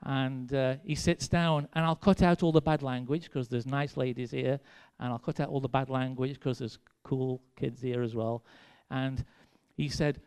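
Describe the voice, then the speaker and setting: This preacher, a man from England with an English accent, shares personal stories in a sermon, talking conversationally with self-deprecation and dry sarcasm. His medium-pitched voice is darkish and clean, with fairly even intonation at normal speed.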